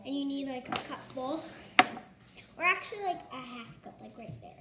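A woman's voice: sits high, lively intonation, normal speed, pushed and bright. A young girl hosting a casual slime-making vlog at home, chatty and bossy as she directs her brother. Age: child. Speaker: vlog host. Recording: noisy home recording.

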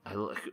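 During a live gameplay stream, a British man builds while chatting with viewers, reading their messages and muttering to himself. He has a high-pitched, fairly bright voice.

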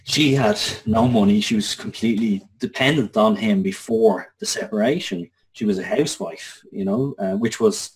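A man's voice: fairly low pitch, expressive, moderate pace, few pauses, a little mellow, poor audio. A man in his thirties with an Irish accent, a guest in an interview, recounting his past in an earnest, conversational way with casual swearing. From Ireland. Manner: earnest, conversational, swearing, with frequent restarts and fillers. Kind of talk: personal storytelling in an interview.

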